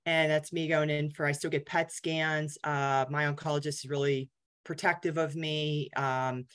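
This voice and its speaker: A woman's voice: low voice, level tone, normal speed, clean tone. A woman in her forties giving a candid, conversational talk as a guest speaker, with many fillers. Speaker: guest speaker, cancer survivor. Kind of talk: personal story talk.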